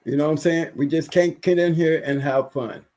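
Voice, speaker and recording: A man's voice: a little high, fairly even intonation, fairly quick, warm tone. A man who has been sick, ranting emphatically in a casual livestream chat, repeating himself for weight. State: recovering from illness. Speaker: livestream guest.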